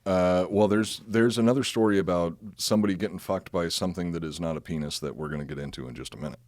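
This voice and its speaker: A man's voice: low voice, fast talker, a little mellow, no echo, clean studio sound. A man co-hosting a casual podcast, reading from his notes and breaking off into profane, joking asides. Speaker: podcast co-host.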